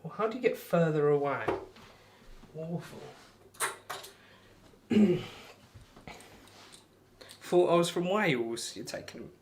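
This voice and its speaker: A man's voice: on the high side, expressive, slow, long pauses, slight background noise. A man with a broad Northamptonshire accent chatting casually to viewers on a darts live stream, laid-back and laughing often. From England.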